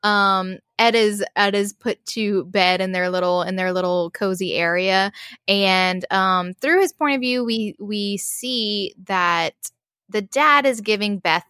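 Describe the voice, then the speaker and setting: Woman co-host, bright tone, dry close sound; casual, emotional recap full of fillers. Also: medium pitch, slow, clear, resonant tone, dry recording. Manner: emotional, gushing, many "like"s and restarts. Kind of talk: casual chat recapping a show.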